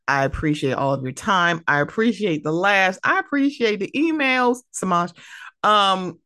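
A woman hosting her own podcast in a casual, animated, emotional way, laughing often. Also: mid-range voice, moderate pace, no echo, clean studio sound. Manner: animated, laughing, emotional, mimics friends' voices. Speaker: podcast host. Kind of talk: casual solo podcast talk.

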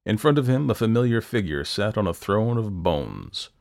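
Male folktale narrator, somewhat low, steady and expressive. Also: moderate pace, creaky. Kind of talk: storytelling narration.

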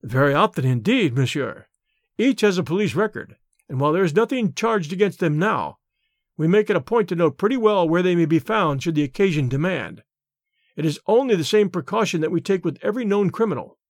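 A man's voice: high voice, lively intonation, a little fast, no room sound, clean studio sound. A man voicing a courteous police officer who answers in a polite, matter-of-fact way.

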